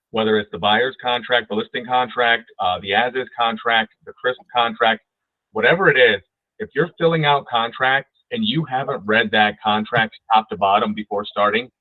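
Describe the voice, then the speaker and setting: A man's voice: mid-range voice, no room sound. A man teaching real estate agents in a training webinar over a video call, talking emphatically and often asking "right?". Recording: tinny phone-like dry audio.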